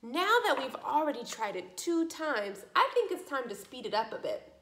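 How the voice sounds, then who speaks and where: A woman leading a speech practice lesson for children, modeling sounds slowly and encouragingly. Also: sits high, very animated, a bit bright. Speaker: speech therapist. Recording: echoey room.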